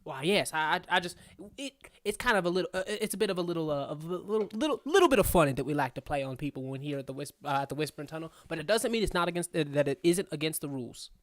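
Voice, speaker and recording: A man's voice: fairly high pitch, lively intonation, racing, few pauses, no echo, studio quality, lightly acted. A man voicing a fussy, stammering, overly polite male clock gnome who talks in a folksy way and calls people sir. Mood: earnest.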